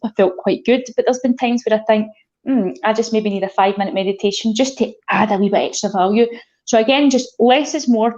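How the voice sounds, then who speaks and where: A woman's voice: mid-range voice, dark tone, muffled recording. A Scottish woman who coaches people on mental health, talking reflectively in a casual podcast chat.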